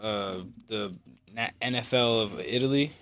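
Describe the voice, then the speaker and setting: A man's voice: medium pitch, measured pace, a bit bright. A young man with a New Jersey accent, co-hosting a podcast in rambling, slangy talk full of fillers. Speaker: podcast co-host. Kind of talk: casual chat.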